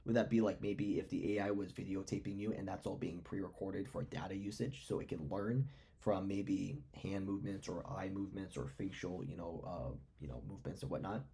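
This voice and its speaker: A man's voice: deep voice, fairly even intonation, brisk, warm tone, slightly rough. A man giving casual, rambling stock commentary, musing aloud with lots of fillers. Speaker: finance commentator.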